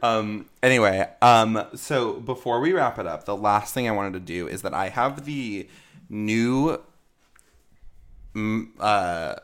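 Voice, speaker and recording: A man's voice: fairly low pitch, slow, fairly bright tone. A man co-hosting a podcast in casual chat, joking, laughing often and rambling with fillers. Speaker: podcast co-host.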